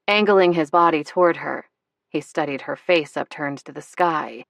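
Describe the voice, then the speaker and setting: A woman reading a romance audiobook in an expressive, measured storytelling manner. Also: sits low, vocal fry, dry recording. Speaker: audiobook narrator. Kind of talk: scripted narration.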